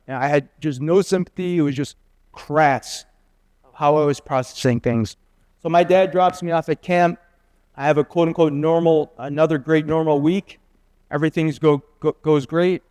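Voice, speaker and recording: A man in his fifties preaching as a guest speaker, telling a personal story in a slow, earnest, confessional way. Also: fairly high pitch, steady tone, a little mellow, clean tone, no echo, clean studio sound.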